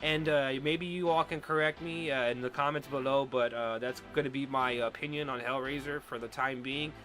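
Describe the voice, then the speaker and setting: A young man from Texas hosting a podcast, ranting about bad horror movies in a casual, profane, animated way. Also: mid-range voice, normal speed. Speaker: podcast host. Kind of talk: casual movie review rant. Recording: music playing under the voice.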